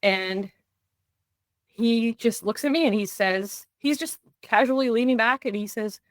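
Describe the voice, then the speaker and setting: This middle-aged woman has a fairly high voice and an unhurried pace, recorded without echo. As a podcast guest she earnestly relates a personal story, repeatedly shifting into quoted dialogue, with restarts and fillers whenever it gets tense.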